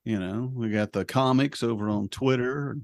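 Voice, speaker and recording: A man in his forties, an American podcast host and father, telling a lively family story and acting out his son's lines, with frequent laughs. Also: medium pitch, normal speed, no echo. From United States. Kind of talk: casual chat.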